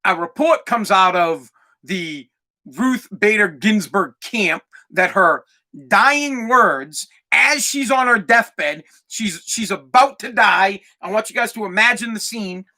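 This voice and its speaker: A man hosting his own podcast, ranting crudely and excitably with lots of swearing. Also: high voice, takes it slowly. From United States. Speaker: podcast host. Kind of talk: profane ranting monologue.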